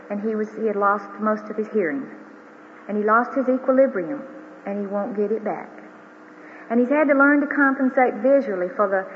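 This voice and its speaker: A woman's voice: on the high side, slight background noise. An older woman giving an earnest religious testimony as a grandmother, speaking before a large audience in a hall. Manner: earnest, heartfelt storytelling. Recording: tinny broadcast of a hall with reverb.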